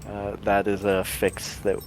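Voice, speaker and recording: Chill lowish guy at a dnd table, chuckles a lot, light noise. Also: completely flat delivery, measured pace, a little mellow. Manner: laid-back, often chuckling. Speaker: player. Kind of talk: tabletop role-play.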